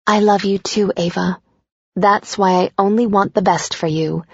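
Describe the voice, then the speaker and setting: A woman voicing a fussy, anxious middle-aged mother in an audiobook, breathy and a little accusing. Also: mid-range voice, steady tone, normal speed, dry recording, muffled recording, voice pushed up. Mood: eager. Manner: pushy, accusing, fretful. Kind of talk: audiobook character voice.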